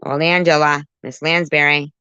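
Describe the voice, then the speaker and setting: A woman's voice: low voice, flat delivery, moderate pace, pushed and bright, clear, resonant tone, dry recording. A woman hosting a reaction commentary, talking back at a clip with sarcastic, mocking asides. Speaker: commentary channel host. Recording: muffled lo-fi audio.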